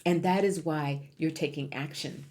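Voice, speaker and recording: A woman's voice: deep voice, moderate pace, darkish tone. A woman giving a pick-a-card tarot reading to viewers, encouraging and emphatic, repeating key words for effect. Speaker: tarot reader.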